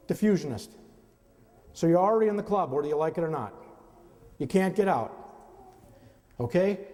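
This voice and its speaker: A man with a high, mellow voice gives a slide lecture to an audience, speaking conversationally and often turning to the listeners with questions. The hall adds a long reverb.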